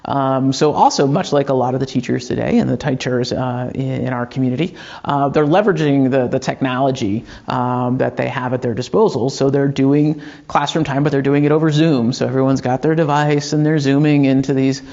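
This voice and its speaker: A man's voice: medium pitch, fairly even intonation, a little fast, gravelly, a little mellow, muffled recording. A man preaching a sermon as pastor, telling a story in a loose conversational way with frequent fillers and restarts.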